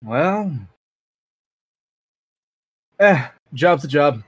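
A man's voice: fairly high pitch, expressive, drawn-out words, a bit bright, slightly rough, no room sound. A man playing a tabletop game, speaking casually in character. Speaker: player.

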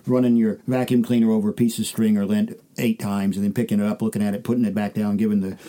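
Male comedian guest from the United States, dry anecdotal delivery, low warm tone. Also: flat delivery, quick pace, a little hiss or hum. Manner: dry storytelling, acts out quoted voices. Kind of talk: casual interview chat.

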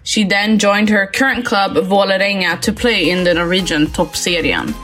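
A woman hosting a sports interview podcast, talking in an upbeat, friendly way. She reads out introductions smoothly at a middle pitch. Faint music sits underneath. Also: fairly even intonation, moderate pace, fairly bright tone. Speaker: podcast host.

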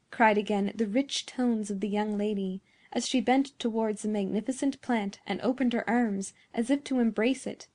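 A woman narrating a classic story in a measured, expressive reading. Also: mid-range voice.

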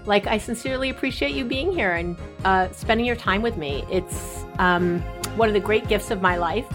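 A woman's voice: medium pitch, normal speed, music in the background. A middle-aged woman hosting a relationships podcast, talking in an effusive, chatty way with lots of fillers. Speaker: podcast host, therapist. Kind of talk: casual podcast monologue.

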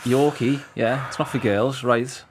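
A man's voice: mid-range voice, measured pace, noisy background. Scouse male podcast host. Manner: relaxed, rambling questions with restarts and teasing. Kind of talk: casual interview.

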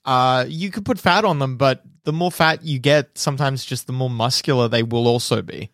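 A man's voice: mid-range voice, normal speed, fairly bright tone, dry recording, clean studio sound. A man co-hosting a casual chat, talking in a chatty, giggly way and often cutting himself off. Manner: chatty, self-interrupting, giggly. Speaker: podcast co-host.

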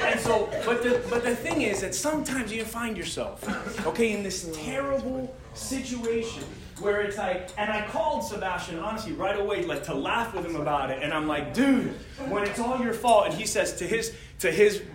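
High-voiced man telling a comic story. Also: normal speed, a crowd in the background. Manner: animated, laughing through his lines, slangy with lots of "bro". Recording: roomy sound with loud audience laughter.

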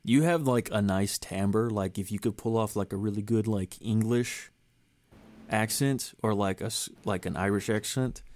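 A man's voice: on the low side, normal speed, dry recording. A man hosting a podcast, chatting casually with friends and rambling with lots of filler words. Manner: rambling, filler-heavy, relaxed. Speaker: podcast host. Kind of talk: casual chat among friends.

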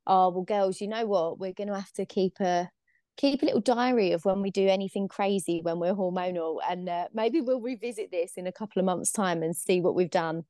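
A woman's voice: mid-range voice, fairly quick, warm tone, no room sound. Upbeat woman, dry sound. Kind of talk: casual chat.

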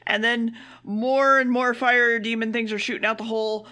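A woman's voice: on the high side, level tone, moderate pace, pushed and bright, smooth. A woman co-hosting a casual anime podcast, summing up episodes bluntly and swearing freely. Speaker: podcast co-host. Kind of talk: casual comedic anime recap.

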